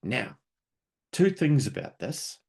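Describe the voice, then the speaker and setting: A man's voice: mid-range voice, big pitch swings, slow pace, gravelly, a little mellow, slightly rough. A man presenting a webinar, talking unscripted and conversationally, explaining ideas through homely analogies and stories.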